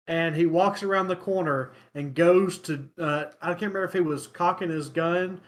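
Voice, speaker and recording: A man hosting a casual podcast, telling stories in a relaxed way with lots of ums. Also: on the high side, a little fast. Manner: relaxed storyteller, many ums and uhs. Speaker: podcast host. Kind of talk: casual chat, storytelling.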